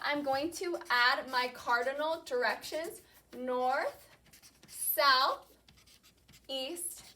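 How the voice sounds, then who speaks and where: A woman teaching a class, saying each vocabulary word slowly and having the students repeat it back. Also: sits high, bright, forceful tone. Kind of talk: classroom lesson, call-and-response vocabulary drill.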